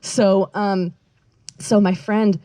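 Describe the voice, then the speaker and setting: A woman's voice: mid-range voice, fairly even intonation, extremely slow, dark tone, no echo. A young adult woman doing stand-up outdoors, telling a story in a rambling, self-interrupting way and giggling often. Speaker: stand-up comedian. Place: outdoor backyard show.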